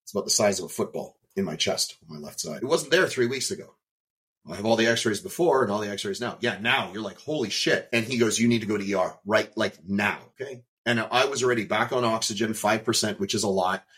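A man, a podcast guest, telling a personal story in an emphatic, animated way, with some swearing. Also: fairly low pitch, brisk. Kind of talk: storytelling in an interview.

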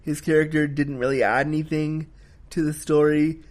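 A man's voice: on the high side, little pitch movement, normal speed. A man giving a casual spoken film review, emphatic and heated, swearing freely as he rants.

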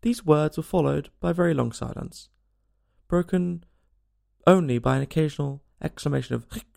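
A man narrating a bedtime story podcast in a gentle, soothing manner. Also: fairly high pitch, normal speed, vocal fry. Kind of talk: storybook reading.

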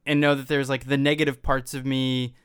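Smooth-voiced man reflecting calmly. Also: mid-range voice, fairly quick. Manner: reflective, agreeable, sums up the other's point. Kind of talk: casual chat.

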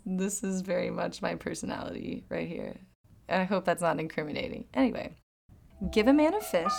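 A woman's voice: fairly low pitch, gravelly. A woman hosting a solo podcast in casual chat, rambling and giggling often, with self-deprecating humor. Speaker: podcast host.

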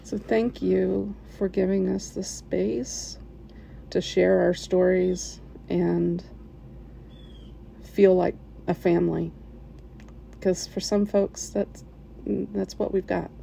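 A woman tells a heartfelt personal story in a slow, unhurried way, pausing and restarting often. Her voice sits low and mellow, with a gravelly edge. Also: little pitch movement, a little hiss or hum. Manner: halting, with fillers, restarts and soft laughs. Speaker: listener sharing a personal story.

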